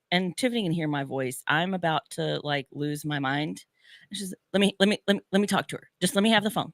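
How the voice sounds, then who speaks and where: Lively bright-voiced female radio co-host. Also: medium pitch, dry recording, clean studio sound. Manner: lively, laughs often, chatty storyteller. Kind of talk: casual on-air banter. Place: radio studio.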